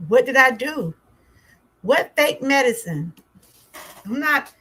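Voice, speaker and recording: A woman's voice: sits high, lively intonation, slow, pushed and bright. A woman from Georgia with a Southern accent, chatting with viewers on a livestream as a wellness vlogger, exclaiming and talking back to her chat.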